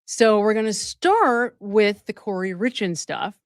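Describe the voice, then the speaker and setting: A woman of medium pitch and measured pace hosts a live true crime stream, emphatic and animated, laughing often mid-sentence while speaking straight to viewers. Her audio is clean studio sound with no room tone.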